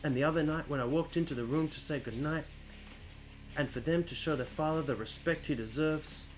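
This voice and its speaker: A man's voice: fairly high pitch, fairly quick, soft background music, lightly acted, low-quality recording. A man doing an accented voice for a boastful wrestler who taunts his rival. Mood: taunting. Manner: swaggering taunts.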